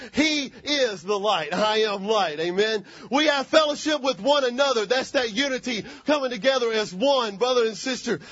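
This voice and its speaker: A man's voice: extremely high pitch, a bit bright, dull audio. A man preaching a fervent sermon and calling for amens.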